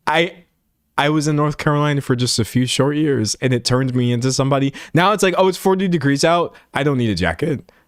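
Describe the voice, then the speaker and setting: Lively young man chatting with comments. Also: medium pitch, a little fast, no room sound, studio quality. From Texas. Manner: animated, mock-dramatic voices for quoted comments. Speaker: streamer. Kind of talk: casual chat reading live comments. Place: home room with a set backdrop.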